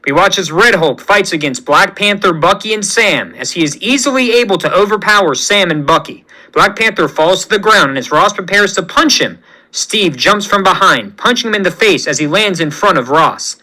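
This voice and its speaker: Bright-voiced man narrating a story. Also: fairly high pitch, animated, moderate pace, low-quality recording. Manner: plain storytelling. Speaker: fan-fiction reader.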